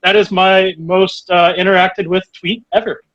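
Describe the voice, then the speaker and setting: Casting: high-pitched male co-host, blunt sarcastic delivery. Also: little pitch movement, normal speed, a bit bright, muffled recording. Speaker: podcast co-host. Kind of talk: casual wrestling review chat.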